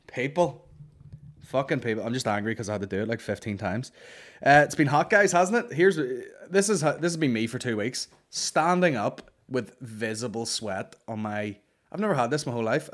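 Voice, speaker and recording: A young man hosts a comedy podcast and speaks straight into a close microphone. His voice sits at an ordinary middle pitch. He rants in an exasperated way, peppers every sentence with curses, and slips in quick mock exchanges. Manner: heavy swearing, exasperated ranting, quick acted-out quips. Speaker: podcast host. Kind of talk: casual comedic rant. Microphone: studio podcast microphone.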